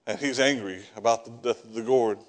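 A man's voice: medium pitch, steady tone, brisk. A man preaching a sermon, reading scripture and acting out the prophet's prayers, repeating words as he builds each point. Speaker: pastor.

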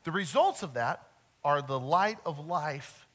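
A man preaching a sermon earnestly, swinging between loud emphasis and soft, quiet moments. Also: a little high, expressive, measured pace. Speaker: pastor.

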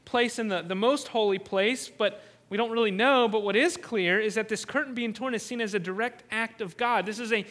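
High bright-voiced male preacher. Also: a little fast, hardly any pauses. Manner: earnest, repeats words when restarting, rises to loud cries on emphasis. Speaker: pastor. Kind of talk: sermon.

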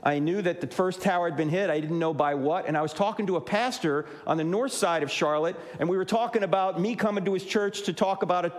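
A man's voice: high voice, fast, few pauses, in a large hall. A man in his sixties from New Jersey, giving a humorous Christian apologetics talk to a live audience and acting out the dialogue in his stories. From New Jersey, USA. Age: 60s. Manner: animated storyteller who acts out dialogue.

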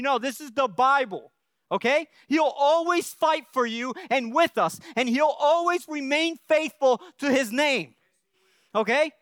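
A man's voice: extremely high pitch, a bit bright, dry recording, clean studio sound. A male pastor preaching a sermon in an earnest way, often checking in with the congregation and restarting his phrases.

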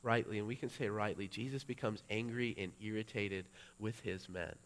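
A middle-aged male pastor preaching a sermon, building to loud, emphatic peaks. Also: on the low side, steady tone, normal speed, hardly any pauses.

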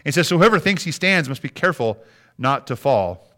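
A man's voice: fairly high pitch, very animated, brisk, a bit bright. A man preaching a sermon in a conversational way, often restarting words and acting out prayers. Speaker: pastor.

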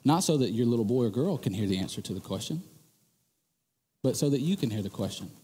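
A man preaching a sermon from the stage, telling the story in an animated, joking way and building to emphatic bursts. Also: medium pitch, fast talker, breathy edge, long reverb tail.

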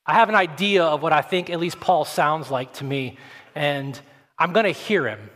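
A man's voice: fairly high pitch, normal speed, a bit bright. A man preaching a sermon as pastor, earnest, often repeating words as he starts a sentence. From Atlanta, Georgia, US. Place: church sanctuary. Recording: long church-hall reverb.

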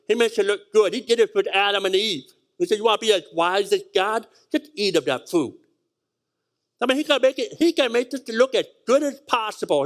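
A man's voice: sits high, vocal fry. A man preaching a sermon, reading scripture aloud and stressing points with repeated words and sudden rises and drops. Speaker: pastor.

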